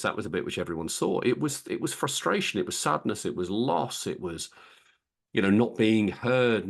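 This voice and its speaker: A man co-hosting a podcast, reflecting openly and repeating words as he thinks aloud. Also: lowish voice. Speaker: podcast co-host. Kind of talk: candid conversational chat.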